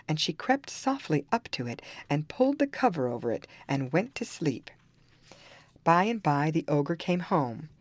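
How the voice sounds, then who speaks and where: A woman narrates a fairy tale in a low voice whose pitch rises and falls in a lively way. Her storybook reading moves at a calm, even pace, captured in a dry, close recording.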